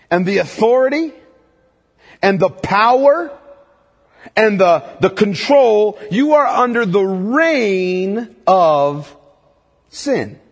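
A man's voice: high-pitched, breathy edge, in a large hall. A man preaching a sermon as pastor, emphatic and repeatedly checking in with the congregation.

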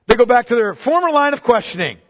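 A man's voice: very high voice, big pitch swings, fast talker. A man preaching a sermon, emphatic and casual, repeating his phrases, recorded in a church hall. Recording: long reverb of a hall.

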